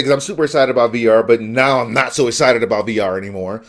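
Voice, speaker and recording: A man's voice: medium pitch, lively intonation, quick pace, few pauses, a bit bright. A man ranting heatedly about a gaming event, exasperated and sarcastic. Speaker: gaming vlogger. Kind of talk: angry rant.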